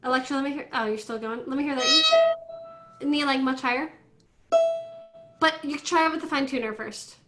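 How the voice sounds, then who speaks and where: A woman teaching an online violin class, coaching students through tuning in a brisk, directive way over a video call. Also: high-pitched, over loud music. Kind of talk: online group class instruction. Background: faint violin notes from students.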